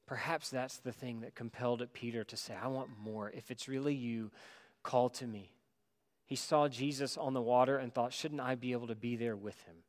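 A male pastor preaching a sermon, moving between loud emphatic passages and quiet, hushed reflection. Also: mid-range voice, long reverb tail.

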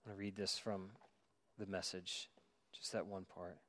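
A male pastor preaching a sermon, moving between loud emphatic passages and quiet, hushed reflection. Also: low-pitched, level tone, moderate pace, long reverb tail.

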